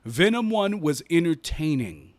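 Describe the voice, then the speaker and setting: Male podcast co-host, slightly high voice, dry close sound, emphatic, repeats himself. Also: very animated, unhurried, no room sound. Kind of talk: casual chat.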